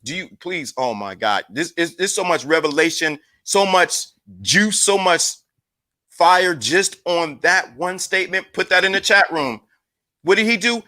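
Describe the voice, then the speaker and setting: A man's voice: high-pitched, lively intonation, measured pace, bright, forceful tone. A man hosting a livestream chat, hyped and emphatic, often repeating himself. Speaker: livestream host.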